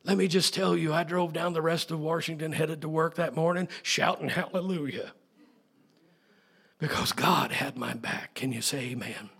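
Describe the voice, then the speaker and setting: A middle-aged man preaching a sermon as pastor, emphatic, swinging from soft to loud. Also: fairly high pitch, normal speed, vocal fry, husky.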